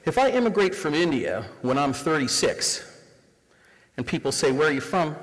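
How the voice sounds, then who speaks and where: A Canadian man in his forties giving a live diversity workshop, engaging the audience with rhetorical questions. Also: on the high side. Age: 40s. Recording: reverberant room sound.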